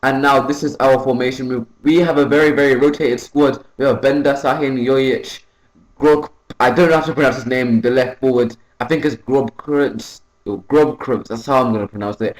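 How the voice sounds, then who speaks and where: A young man in a noticeably echoey room talks through his football video game match, calling passes and shots one by one. His pitch sits in an ordinary middle range. He rambles and corrects himself, then gets excited when a goal goes in. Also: brisk. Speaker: gaming YouTuber. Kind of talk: casual play-by-play gameplay commentary.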